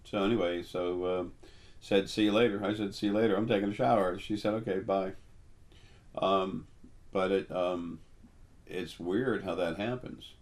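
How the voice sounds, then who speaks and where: An older man, a spiritual teacher, talking casually in a rambling monologue, halting often with ums and restarts. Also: low-pitched.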